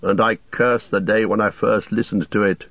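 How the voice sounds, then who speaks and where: A man's voice: lowish voice, steady tone, moderate pace, creaky, dry recording, muffled recording. A man doing a proud, grave old king. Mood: bitter. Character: aged male king, proud and bitter.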